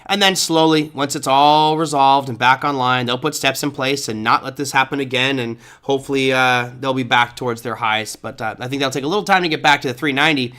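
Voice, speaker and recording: Bright-voiced man giving live market commentary. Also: mid-range voice, fairly quick, hardly any pauses, smooth. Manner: casual, chatty, thinks aloud with fillers. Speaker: trading show host. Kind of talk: live market commentary, reading viewer chat.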